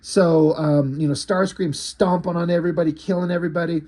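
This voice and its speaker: A man recaps a comic book in a chatty, loose way, dropping fillers and the odd swear word. His voice is slightly husky and sits a touch high for a man. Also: fairly even intonation, a little fast, darkish tone. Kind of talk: casual recap and review.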